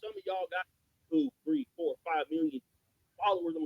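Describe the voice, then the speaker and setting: Podcast co-host, male, high and lively voice, emphatic commentary. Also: moderate pace, muffled recording. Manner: animated, emphatic, rhetorical questions. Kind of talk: passionate political commentary.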